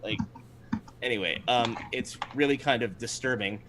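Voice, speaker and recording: A man's voice: medium pitch, lively intonation, normal speed, noisy background. Chatty man running a tabletop game. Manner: easygoing, chatty, with frequent ums. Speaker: game master. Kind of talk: narrating a tabletop game on a livestream.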